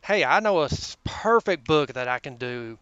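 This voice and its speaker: A man with a Southern American drawl, chatting as a podcast guest in a slow, friendly way. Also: fairly high pitch, lively intonation, fairly bright tone, clean tone, dry recording, muffled recording. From Southern United States. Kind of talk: casual podcast chat.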